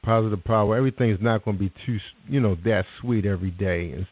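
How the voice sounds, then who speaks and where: A man's voice: fairly low pitch, fast, dry recording. A man hosting an internet radio show, upbeat and encouraging, with many ums and you-knows. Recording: muffled lo-fi sound.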